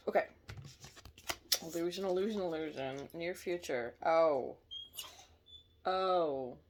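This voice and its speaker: A woman's voice: on the low side, slow, long pauses, a little mellow, a little hiss or hum. A woman giving a casual tarot reading in a chatty way, often laughing, apologizing and correcting herself mid-sentence. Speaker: tarot reader.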